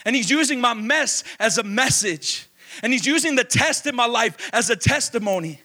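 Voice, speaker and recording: Bright high-voiced male preacher. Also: animated. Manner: emphatic, questions and answers, drawn-out stresses. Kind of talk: sermon.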